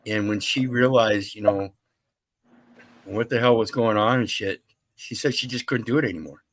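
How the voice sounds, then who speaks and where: A man hosting a casual chat, rambling and hesitant, often trailing off quietly. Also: lowish voice, normal speed, no echo.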